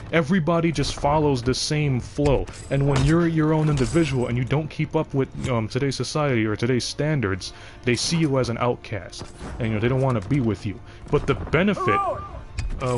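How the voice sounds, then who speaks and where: Young male game streamer, deep voice, loose digressive chat. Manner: rambling, digressive, frequent restarts. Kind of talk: casual livestream chat.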